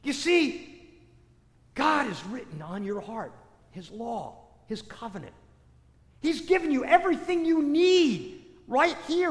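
A man preaching a storytelling sermon, animated, swinging between loud bursts and hushed, low passages. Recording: echoey hall with long reverb.

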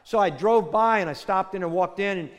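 An older man preaching a sermon as a pastor, telling a story and swinging between loud bursts and soft, hushed lines. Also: high voice, fairly quick, in a large hall.

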